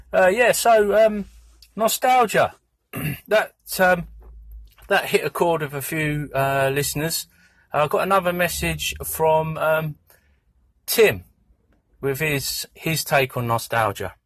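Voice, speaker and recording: A man's voice: a little high, unhurried, a bit bright. A British man in his forties hosting a gaming podcast, chatting in a jokey, rambling way. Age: 40s. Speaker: podcast host. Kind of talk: casual podcast chat.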